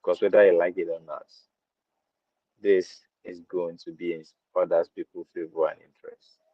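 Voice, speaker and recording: A man's voice: sits low, fairly even intonation, moderate pace, slightly rough, no echo. Emphatic Nigerian man on a dry lo-fi mic. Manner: emphatic, mixes in Pidgin, repeats phrases. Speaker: podcast host. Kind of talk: opinionated commentary. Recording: dull lo-fi dry sound.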